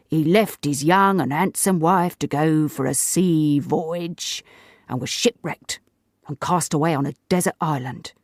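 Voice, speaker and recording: A woman voicing a meek, wheedling working-class old sailor with rough grammar. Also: low-pitched, dry recording, clean studio sound. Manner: rough uneducated grammar, pleading.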